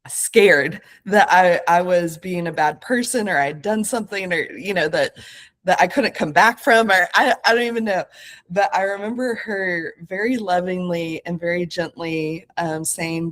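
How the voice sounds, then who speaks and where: Woman, late thirties, podcast guest; earnest and reflective, a bit lower voice, talks through her thoughts with fillers. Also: unhurried. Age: 30s. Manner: earnest, searching, lots of fillers and self-corrections. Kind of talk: reflective conversational interview.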